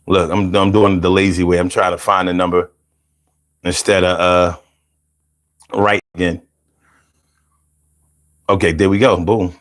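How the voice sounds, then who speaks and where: A man hosting a casual call-in show, animated and playful, chanting lines rhythmically and chatting with viewers. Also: low voice, moderate pace, long pauses, slight background noise. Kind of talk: casual livestream talk.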